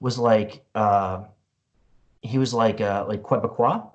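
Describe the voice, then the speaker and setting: A man's voice: on the low side, fairly even intonation, slow, dull audio. A man in his forties, a guest musician, telling a story in a casual, profane way full of "like" and "you know.".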